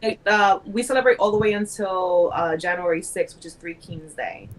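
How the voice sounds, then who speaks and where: A woman's voice: fairly low pitch, moderate pace, rough recording. A woman co-hosting a podcast who speaks earnestly and a bit hesitantly, often agreeing with the others. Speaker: podcast co-host. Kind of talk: casual podcast chat.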